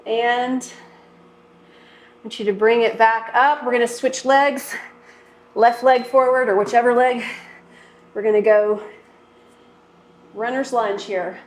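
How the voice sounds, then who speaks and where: A woman's voice: fairly high pitch, fairly even intonation, slow, long pauses, roomy sound. A woman fitness instructor guiding a workout and stretch, coaching and encouraging as she goes. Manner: encouraging, coaching through moves.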